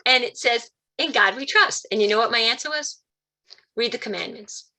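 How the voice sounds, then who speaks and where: Animated, bright-voiced woman on a video call. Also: moderate pace. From Italian-American, Calabrese roots. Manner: animated storytelling, quotes voices with big pitch jumps. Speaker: guest speaker. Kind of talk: spiritual talk on a video call.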